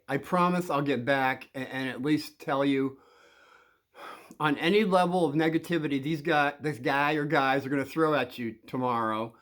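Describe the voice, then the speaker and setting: Rambling man giving casual advice. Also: medium pitch. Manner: rambling, with many fillers and restarts. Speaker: advice vlogger.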